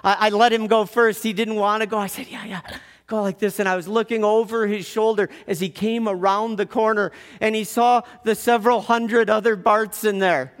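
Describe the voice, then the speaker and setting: A man telling a personal story in an animated way, often restarting with quick repeated words. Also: sits high, in a large hall.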